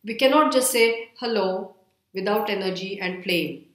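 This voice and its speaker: A woman's voice: mid-range voice, fairly bright tone. Woman lecturer in an echoey room. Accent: Indian English. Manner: slow, deliberate, spelling words out letter by letter. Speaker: English lecturer. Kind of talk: recorded online lecture.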